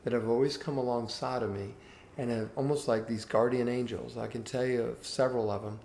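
An earnest man in his sixties tells his life story as a guest in an interview. His voice is mid-pitched and gravelly. The room is echoey, with a faint hiss behind him. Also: a little fast. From Cuba. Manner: earnest, animated anecdote telling. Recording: roomy echo with faint background hiss.

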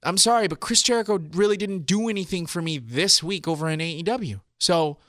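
A man co-hosting a casual wrestling podcast, chatty and excitable, quick to chime in and agree. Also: sits high, no room sound, studio quality. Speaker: podcast co-host.

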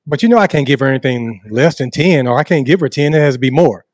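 A man's voice: mid-range voice, lively intonation, fast, no echo, studio quality. A man co-hosting a sports podcast, asking questions in a joking, teasing way. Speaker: podcast co-host. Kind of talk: playful podcast chat.

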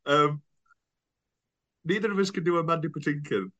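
A man's voice: fairly high pitch, normal speed, fairly bright tone, dull audio. A man co-hosting a podcast in casual, joking chat, laughing often. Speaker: podcast co-host.

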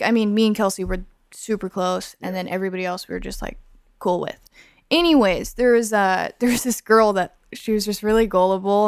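A woman's voice: clean tone, no room sound, studio quality. A young woman in casual podcast chat, telling a story with lots of filler words. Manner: animated storyteller, acts out high-pitched voices in her stories. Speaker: podcast guest.

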